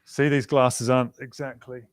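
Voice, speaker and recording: A man's voice: medium pitch, flat delivery, normal speed, clear, resonant tone, no room sound. Joking man on a dry call. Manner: self-mocking, joking. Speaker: guest. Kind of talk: casual livestream chat.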